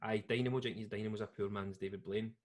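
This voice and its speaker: Rambling young Scottish man, low voice. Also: steady tone, fast talker. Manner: rambling, restarts and trails off, laughs often. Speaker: podcast co-host. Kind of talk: casual chat.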